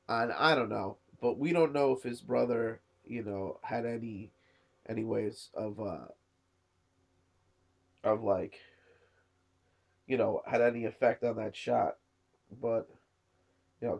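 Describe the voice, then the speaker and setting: A man with a medium-pitched voice and noticeable vocal fry casually reviews a manga chapter while sick and coughing. His chat rambles and is heavy on fillers like "uh" and "you know."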